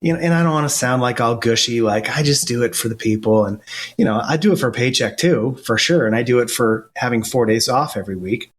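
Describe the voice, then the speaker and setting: Middle-aged man, firefighter guest, earnest storyteller, mid-pitched voice, halting restarts. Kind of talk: casual storytelling interview.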